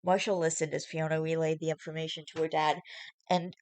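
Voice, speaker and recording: A woman's voice: low voice, flat delivery, brisk, darkish tone, no room sound. A woman reading fan fiction aloud on camera, with casual, chatty asides. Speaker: story reader.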